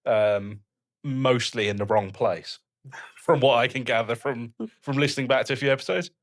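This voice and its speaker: A man's voice: medium pitch, steady tone, moderate pace. A man co-hosting a casual podcast, joking and rambling with mild swearing, on a studio microphone. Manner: jokey, sweary, rambling banter. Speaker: podcast co-host. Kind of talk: casual chat. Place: home podcast setup, indoors. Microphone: studio microphone on a stand.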